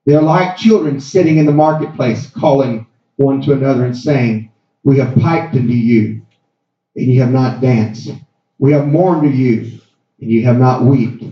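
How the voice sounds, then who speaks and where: A man's voice: medium pitch, moderate pace. A male pastor in a church, preaching a sermon and praying fervently, breaking into repeated calls of "God" and rebukes. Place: church sanctuary. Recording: echoey, dull church sound.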